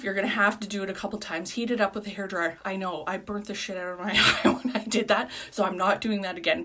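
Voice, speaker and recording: A woman's voice: medium pitch, a bit bright. A woman giving a casual live makeup tutorial as a beauty product consultant, chatty, rambling and self-deprecating.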